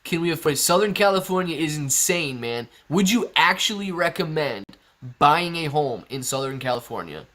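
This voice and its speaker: A man hosts a casual stock livestream Q&A, reading viewers' chat comments aloud and answering in a chatty, laid-back way, often laughing and saying "man" and "bro". His voice is a little high and fairly bright, with lively intonation and a moderate pace.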